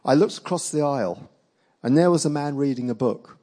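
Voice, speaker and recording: A man preaching and telling a personal testimony as a story, acting out the dialogue with lively energy and laughing along. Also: fairly high pitch, brisk, low-quality recording.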